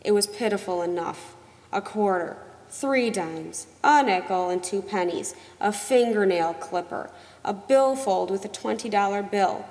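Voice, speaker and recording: A woman with a mid-range voice narrates a novel as an audiobook, reading in a measured, expressive storytelling manner. The recording has long reverb.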